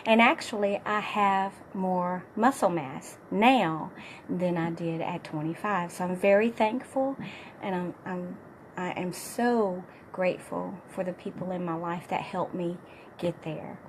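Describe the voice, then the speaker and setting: A middle-aged woman fitness coach with a hoarse, partly lost voice, giving an upbeat, encouraging motivational talk to her viewers. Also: fairly low pitch, unhurried, slight background noise.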